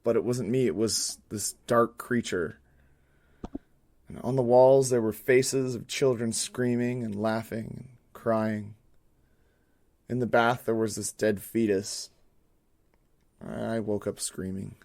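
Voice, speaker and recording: An actor playing a troubled young male patient in a game, with a flat, withdrawn delivery. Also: on the low side, slow, gravelly, pauses often. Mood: haunted.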